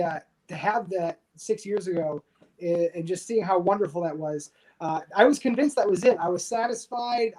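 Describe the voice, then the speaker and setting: A retired soldier and pro wrestler from the United States is a guest in a casual storytelling interview, animatedly recounting wrestling stories and acting out others' quotes. His voice sits high, and the recording is rough.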